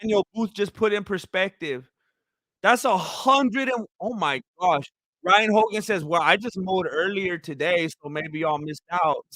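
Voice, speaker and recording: A young man hosts a laid-back stream, reading chat comments in a high, bright voice that has grown hoarse over hours. Excitable, he laughs and exclaims often, then trails into quieter, genuine thanks. He talks a little slowly, recorded close and dry with no room around him.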